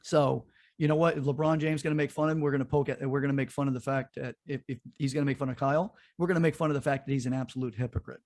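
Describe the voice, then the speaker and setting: A man's voice: medium pitch, steady tone, very fast, a little mellow. A man co-hosting a podcast, ranting in a heated, profane way during casual political chat. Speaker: podcast co-host.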